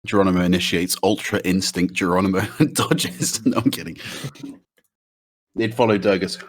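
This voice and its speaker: A man's voice: deep voice, steady tone, normal speed. A man joking around while playing a tabletop game, stumbling over his words. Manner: joking, stammering. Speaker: player. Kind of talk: casual tabletop play.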